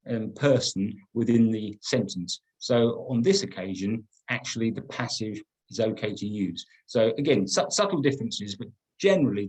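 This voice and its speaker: Middle-aged man, slightly husky webinar trainer, emphatic, repeats himself. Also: lowish voice, darkish tone, poor audio. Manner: emphatic, repeats words and restarts often. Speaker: business trainer. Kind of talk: webinar teaching.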